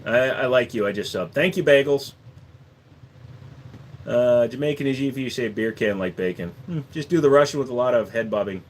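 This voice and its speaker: A man's voice: mid-range voice, brisk, a little hiss or hum. A man hosting a casual livestream Q&A, chatting jokily and answering viewers on a desk microphone. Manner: jokey, slips into accent impressions. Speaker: livestream host.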